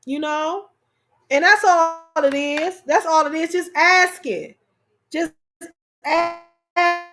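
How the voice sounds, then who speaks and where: A woman hosts a casual livestream, speaking straight to her viewers. Her voice sits high, and she keeps it lively and playful, laughing as she goes. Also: slow pace, long pauses. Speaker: live stream host.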